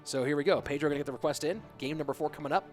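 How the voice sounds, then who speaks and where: A man's voice: on the high side, very fast, soft background music. Upbeat man casting a game stream. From United States. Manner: chatty, jokey, answers chat between plays. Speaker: esports caster and streamer. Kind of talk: live-stream game commentary with chat reading.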